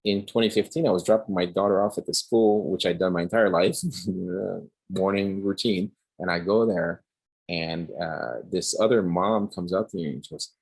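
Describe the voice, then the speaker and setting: Lively man telling stories. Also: deep voice, normal speed, husky. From Cuba. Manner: animated, many restarts, acts out quoted voices. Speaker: guest artist. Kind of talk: casual storytelling talk. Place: video call.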